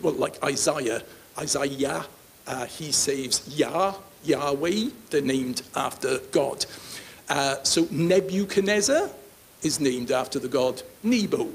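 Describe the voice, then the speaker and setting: A man pastor teaching a sermon, animated and joking with his congregation. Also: on the high side. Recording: faint hiss.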